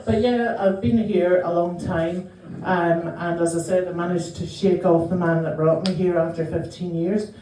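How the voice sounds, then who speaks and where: A Northern Irish woman in her fifties performing a stand-up set, telling self-mocking stories with quick dry asides. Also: on the low side, fairly even intonation, warm tone, a little hiss or hum. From Northern Ireland. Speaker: stand-up comedian. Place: small comedy club. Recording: roomy live venue, mic heard from a distance.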